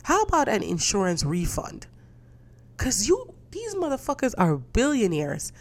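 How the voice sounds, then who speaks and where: A woman's voice: mid-range voice, huge pitch swings, measured pace. A woman hosting a podcast, ranting in a casual, profane, indignant way and telling stories with quoted voices. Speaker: podcast host. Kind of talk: casual solo rant.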